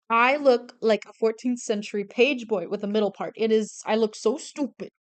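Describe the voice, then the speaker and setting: Chatty young woman streamer, smooth voice. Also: fairly high pitch, brisk, few pauses. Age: young adult. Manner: gushing, chatty, swears freely, trails off mid-sentence. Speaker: streamer drawing commissioned art. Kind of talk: casual livestream chat while drawing.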